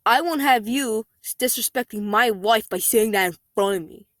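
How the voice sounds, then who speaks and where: A woman's voice: fairly high pitch, moderate pace, no room sound, natural voice. A woman voicing an indignant, defensive young father, close to her own voice.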